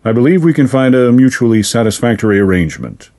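A man's voice: mid-range voice, expressive, darkish tone, voice pushed up, lightly acted. A man doing a silkily polite fairy lord. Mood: courteous menace. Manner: formal, measured, silkily polite. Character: smooth, courteous sinister male fairy lord.

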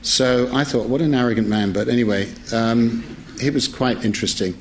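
A man's voice: medium pitch, normal speed. A middle-aged man spins a humorous anecdote in an ordinary, mid-range voice, chatty and prone to correcting himself mid-sentence. He laughs easily as he talks, and a faint hiss of noise sits under the recording. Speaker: journalist. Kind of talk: humorous anecdote told to listeners.

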